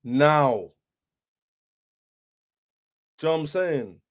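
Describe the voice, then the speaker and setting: A man's voice: a little high, animated, slow. A young man hosting a football fan livestream, boastful and taunting, repeating himself as he rants. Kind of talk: livestream rant.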